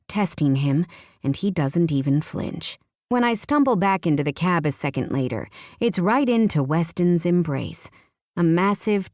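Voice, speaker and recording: A woman's voice: low voice, a little mellow, no echo, studio quality. A woman narrating a first-person romance audiobook in a breathless, emotional storytelling manner.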